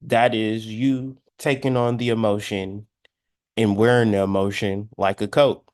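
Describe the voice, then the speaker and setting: A man's voice: on the low side, little pitch movement, a little slow, darkish tone, clear, resonant tone, no echo, clean studio sound. A man in his thirties giving a blunt, profane spiritual lecture, sometimes acting out quoted voices. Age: 30s. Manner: acts out quoted voices in dialogue. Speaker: spiritual astrology commentator. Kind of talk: preachy monologue.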